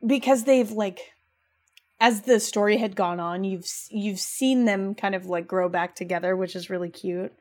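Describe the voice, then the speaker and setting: A woman co-hosting a casual podcast, talking about games in an animated, gushing, emotional way. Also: medium pitch, normal speed. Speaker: podcast co-host.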